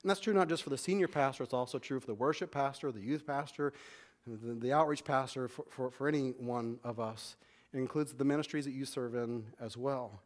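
A man pastor preaching a sermon in a conversational way, often restarting and repeating words. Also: medium pitch. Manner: conversational preaching, acts out quick back-and-forth dialogue.

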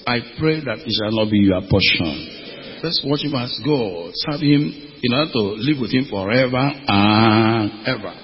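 A man's voice: mid-range voice, animated, moderate pace, slight background noise. A man from Nigeria preaching a sermon as pastor, with emphatic questions thrown to the congregation. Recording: muffled audio with long hall reverb.

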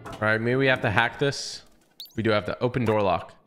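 A young man giving excitable, slangy live commentary as he plays a game. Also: lowish voice, a little fast, soft background music. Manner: excitable, slangy, reacts aloud. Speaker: gaming channel host.

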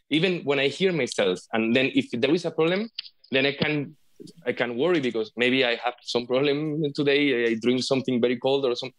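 A man from Spain with a Spanish accent, a flute player speaking as a guest over a video call in casual interview talk, halting and restarting often with repeated words. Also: mid-range voice.

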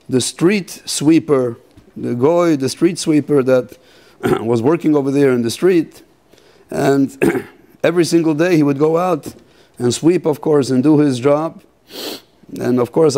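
Mellow rabbi, throat-clearing sermon. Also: male voice, medium pitch. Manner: halting, repeats words, clears throat often.

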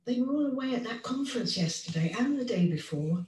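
A woman's voice: a little high, expressive, brisk, darkish tone, a little hiss or hum, natural voice. A woman with a British accent playing a nurse in a scripted listening test dialogue, conversational and plain. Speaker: nurse in an exam listening recording. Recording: roomy, distant audio replayed.

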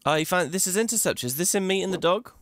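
A man's voice: sits high, very fast, no echo, clean studio sound. A man hosting a video game playthrough, chatting away and thinking aloud as he plays, laughing often. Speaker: let's play host.

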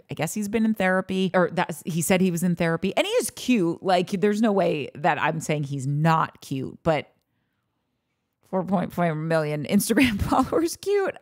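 A woman hosting a podcast, tipsy from beer, giving a casual ranting TV review, animated, sarcastic and profane with big swings in pitch. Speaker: podcast host.

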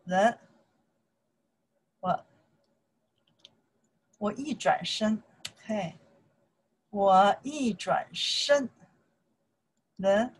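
A woman's voice: mid-range voice, lively intonation, very slow, long pauses, breathy edge, rough recording. A woman with a Chinese accent, a native Chinese speaker teaching a language lesson in simple English, explaining grammar and repeating phrases.

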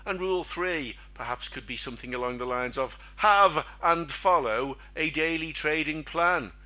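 Middle-aged guy running a trading webinar, chatty and bright, keeps asking rhetorical questions. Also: a little high, moderate pace. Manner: chatty, asks rhetorical questions, acts out silly quoted voices. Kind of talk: casual teaching chat.

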